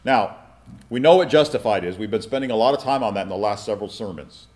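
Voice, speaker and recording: A man with a somewhat low voice preaches a teaching sermon. He explains step by step, puts questions to his listeners and checks with them as he goes. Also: animated, fast talker, a little mellow. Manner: teaching, asks the congregation questions and checks with "all right?". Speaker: pastor.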